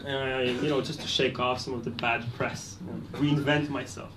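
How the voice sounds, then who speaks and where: Deadpan comedian. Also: male voice, medium pitch, moderate pace. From Poland. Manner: deadpan, self-deprecating with small restarts. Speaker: stand-up comedian. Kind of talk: stand-up set. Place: comedy club stage. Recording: echoey club, mic at a distance, loud noise. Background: audience laughter.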